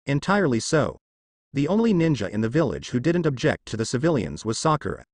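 A man narrating a fan fiction story with steady storytelling. His pitch moves in a lively way, and the recording is close and dry with no room sound. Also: fairly quick, no echo. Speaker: story reader.

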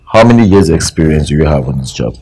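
A man's voice: very deep voice, expressive, fast, darkish tone, breathy edge, faint music behind, heavily acted, low-quality recording. A man playing a wealthy employer who interviews staff with formal, curt questions.

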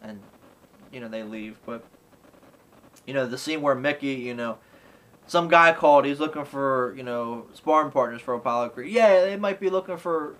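A man's voice: medium pitch, moderate pace, long pauses, fairly bright tone, low-quality recording. A man casually reviewing a classic film in a rambling way, filling his talk with "you know" and "like" and acting out lines from scenes. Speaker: movie reviewer.

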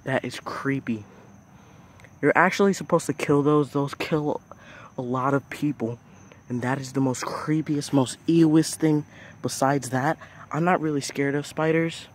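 A man's voice: mid-range voice, moderate pace. A young man talks casually into his phone outdoors at night, his voice sitting in an ordinary middle range. He keeps breaking into squeamish, jumpy exclamations as he narrates. A faint outdoor hiss sits under the recording. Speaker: nature vlogger.

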